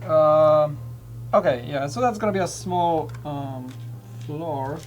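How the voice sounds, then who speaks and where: A man co-hosting a live build stream, joking and chatting casually. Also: fairly high pitch. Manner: joking, chatty, quick to laugh. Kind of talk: casual chat while building. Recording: noisy mic with keyboard clicks.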